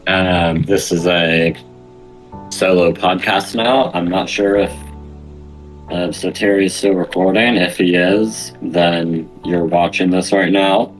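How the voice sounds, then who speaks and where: A man's voice: sits low, steady tone, takes it slowly, faint music behind, low-quality recording. A man co-hosting a podcast, rambling in casual, self-mocking chat while talking to the listeners alone. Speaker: podcast co-host.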